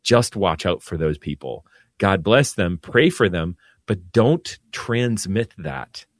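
Calm low-voiced priest on radio. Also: male voice, takes it slowly, no room sound, studio quality. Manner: calm, reflective, lowers his voice to soothe. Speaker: priest co-host. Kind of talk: Catholic radio talk.

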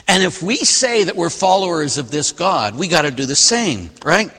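Priest guy giving a sermon, bright husky voice, lots of ups and downs. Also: high-pitched, long reverb tail. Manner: animated, shifting between loud emphasis and quiet, slowed phrases. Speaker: Catholic priest. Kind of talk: sermon with scripture reading.

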